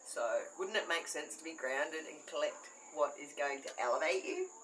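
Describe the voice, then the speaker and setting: Australian woman, tarot reader, casual rambling talk, slightly low voice, faint crickets behind. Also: expressive, normal speed, fairly bright tone, slight background noise, rough recording. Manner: rambling, self-correcting, swears casually. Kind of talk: casual spiritual chat.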